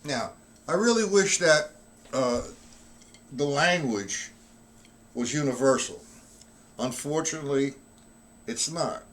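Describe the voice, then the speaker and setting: A man's voice: medium pitch, expressive, slow pace, pauses often, a bit bright. A man giving a live-streamed drum lesson who is not feeling well, coughing now and then and counting the beats aloud as he demonstrates. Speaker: drum teacher.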